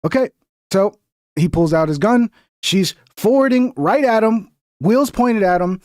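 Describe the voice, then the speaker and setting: Male streamer, high voice, dry close sound, heated, profane, mocking. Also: lively intonation, unhurried, a little mellow, dry recording. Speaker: political commentary streamer. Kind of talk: heated livestream commentary.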